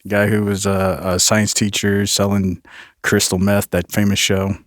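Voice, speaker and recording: A man's voice: fairly low pitch, monotone, normal speed, no echo, clean studio sound. A man co-hosting a podcast in casual chat, rambling and laughing between his points. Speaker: podcast co-host.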